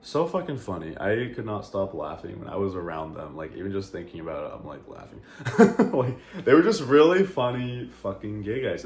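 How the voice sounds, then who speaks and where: Low-voiced young man vlogging straight to camera, candid and rambling, full of fillers and cursing. The room echoes around him, with a faint hiss under the voice. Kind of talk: casual chat to camera.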